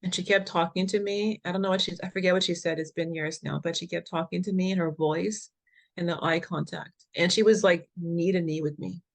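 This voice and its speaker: A woman with a somewhat low voice speaks as an interview guest and patient advocate. She tells her story frankly and with energy, acting out the people she quotes and dropping breezy slang. Her laughs come easily between points. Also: a little fast, gravelly. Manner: frank, lively storyteller who acts out quoted dialogue.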